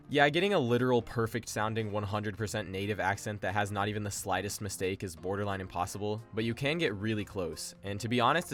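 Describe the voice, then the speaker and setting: A young man giving a casual, chatty explainer on language learning, full of slang and quick asides. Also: fairly low pitch, a bit bright.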